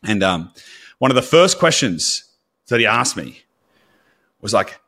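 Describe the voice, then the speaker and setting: A man's voice: on the low side, big pitch swings, unhurried, sharp tone. Man, podcast co-host, casual chat, blunt, candid, swears now and then.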